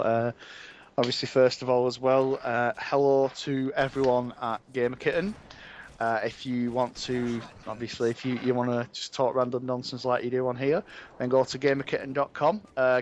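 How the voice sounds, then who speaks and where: A man's voice: mid-range voice, flat delivery, brisk, a little hiss or hum. A man co-hosting a casual podcast, chatty and full of fillers. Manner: chatty, leans on "obviously" and "um". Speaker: podcast co-host.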